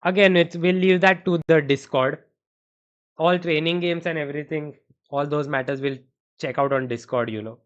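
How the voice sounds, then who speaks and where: A man's voice: fairly high pitch, fairly even intonation, moderate pace, clean tone. A young man with an Indian accent, streaming chess and thinking aloud through variations while he answers chat in a casual way. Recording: dull, muffled stream audio.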